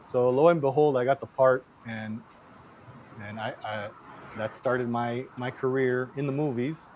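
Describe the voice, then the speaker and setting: A man who grew up in the Canal Zone, telling stories in a casual chat, animated, acting out quotes and laughing often. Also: mid-range voice, a little slow, dull audio, slight background noise. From Panama Canal Zone. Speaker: guest actor.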